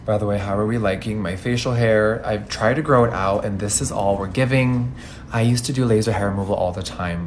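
A man's voice: fairly low pitch, brisk, slight background noise. A man in his thirties reviewing makeup in a casual vlog, campy, sassy and freely swearing. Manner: campy, sassy and profane, lively exclamations.

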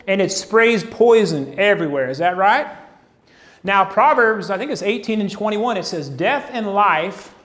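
A man preaching a conversational sermon, acting out quoted voices as he goes. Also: sits high.

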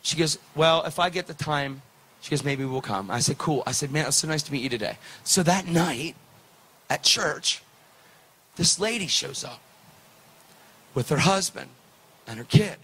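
A man preaching, telling a story with lively, preacherly delivery and acted-out dialogue. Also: on the high side, normal speed, long pauses, slightly rough. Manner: animated, preacherly, acts out dialogue. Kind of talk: sermon storytelling.

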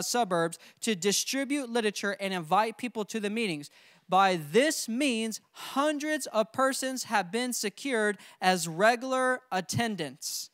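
A young adult man leading a church training seminar, coaching his audience with lively call-and-response. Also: sits high, clear, resonant tone, no room sound, clean studio sound. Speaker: seminar presenter.

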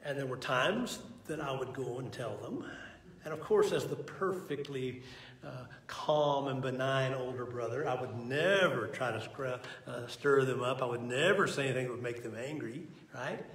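Male Bible teacher, mid-pitched, folksy and earnest; recorded at a distance with a long hall reverb. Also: normal speed, a bit bright. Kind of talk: conversational Bible lesson. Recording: echoey hall from far off.

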